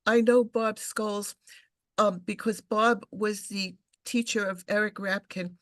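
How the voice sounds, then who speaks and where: Older woman professor, halting speech. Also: mid-range voice, fairly even intonation, fairly bright tone. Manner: hesitant, with frequent restarts and fillers. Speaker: English professor and science fiction scholar. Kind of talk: interview, conversational recollection.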